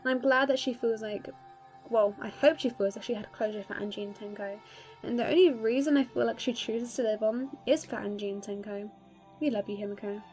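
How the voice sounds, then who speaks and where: Young woman, slightly high pitch, gushing fan commentary, emphatic and swearing, faint music behind. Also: brisk, darkish tone. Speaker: video creator.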